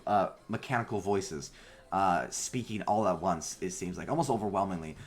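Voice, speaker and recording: A man narrating a tabletop game as game master, halting with many fillers. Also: sits low, lively intonation.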